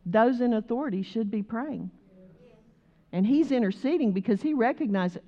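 A woman preaching a sermon, moving from conversational talk to loud, rhythmic exhortation. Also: medium pitch, normal speed, lo-fi sound.

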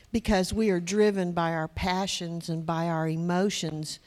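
A woman sharing a personal testimony in church, soft and reflective, pausing with hesitant fillers. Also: fairly low pitch, steady tone.

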